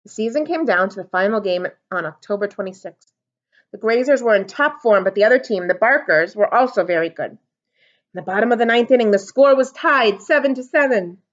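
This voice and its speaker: A woman reads a storybook aloud for a library storytime, her voice animated and swinging widely in pitch. She sits a little high for a woman, and the sound is dull and lo-fi. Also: fairly quick. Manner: expressive, animated. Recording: dull lo-fi recording.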